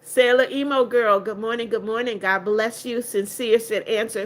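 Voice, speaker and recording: A woman's voice: fairly high pitch, steady tone, normal speed. An older woman hosting a casual livestream, reading viewer comments aloud one by one and answering each with motherly greetings and blessings, firm with rude viewers. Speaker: livestream host.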